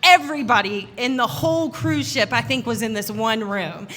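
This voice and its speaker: Bright high-voiced woman telling a toast story. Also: moderate pace. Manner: animated, laughing, acts out quoted voices. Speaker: sister of the groom giving a wedding toast. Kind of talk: humorous storytelling speech. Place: wedding reception.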